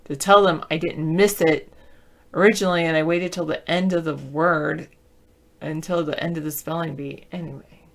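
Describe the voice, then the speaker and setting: A woman's voice: low-pitched, steady tone, moderate pace, gravelly. A woman from the Southern United States chatting casually on a video call, telling rambling stories and spelling words out letter by letter. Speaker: video chat participant. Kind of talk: casual chat.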